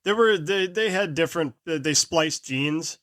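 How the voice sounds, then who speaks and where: A man's voice: on the high side, moderate pace, a bit bright, no room sound, studio quality. A man co-hosting a podcast who rambles in casual chat, trailing off and starting sentences over. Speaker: podcast co-host.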